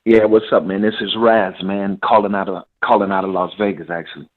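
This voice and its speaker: A man's voice: lowish voice, level tone, a little fast. A man calling in, laid-back and casual, heard over the phone. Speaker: caller. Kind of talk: phone call-in. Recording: tinny phone line.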